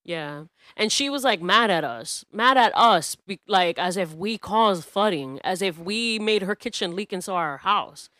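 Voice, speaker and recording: A woman with a bright, forceful voice co-hosts a podcast from home. She talks bluntly and swears as she retells what happened, and the recording is dry and close. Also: medium pitch, expressive, a little slow, hardly any pauses, dry recording. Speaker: podcast co-host. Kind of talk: casual conversational storytelling. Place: home apartment.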